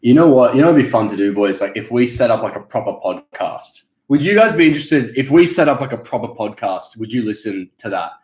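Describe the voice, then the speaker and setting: A young man hosting a casual livestream chat, blunt and excitable, swearing freely. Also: medium pitch, brisk, hardly any pauses. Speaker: YouTuber host. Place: living room of a house. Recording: roomy indoor echo.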